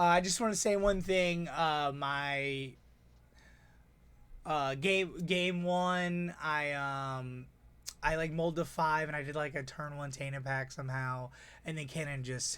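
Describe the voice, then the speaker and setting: A man giving a casual, excitable, rambling breakdown of the games he played as tournament organizer. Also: fairly high pitch, clear, resonant tone. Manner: excitable, rambling, quick asides.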